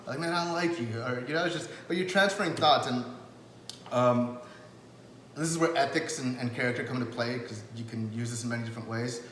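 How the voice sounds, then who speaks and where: A man with a mid-range, fairly bright voice talks fairly quickly with fairly even intonation, giving a casual spoken lesson to camera on rapport. He is loose and chatty, with many fillers, restarts and acted-out quotes. The echoey, long-reverb room has a little hiss or hum.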